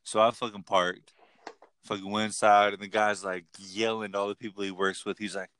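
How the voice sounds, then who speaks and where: Young podcast guy, bright and forceful tone, dry close mic, swears a lot. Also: on the low side, fairly quick, clean tone, no echo. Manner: profane, rambling, animated storyteller. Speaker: podcast co-host. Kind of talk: casual storytelling chat.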